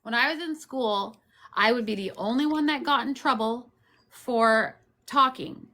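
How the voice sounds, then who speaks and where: A woman chats loudly and playfully as the host of a group livestream. Her voice sits high and bright. She talks into a phone set well back from her. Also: measured pace. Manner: loud-talking, jokey. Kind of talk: casual livestream chat. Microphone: phone set far back.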